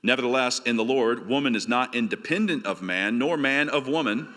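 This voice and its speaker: A male pastor delivers a conference sermon. His bright, forceful voice moves between casual asides and slow, deliberate scripture reading. A long church-hall reverb trails every phrase. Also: medium pitch. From American South. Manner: conversational, emphatic, slowing down for scripture readings.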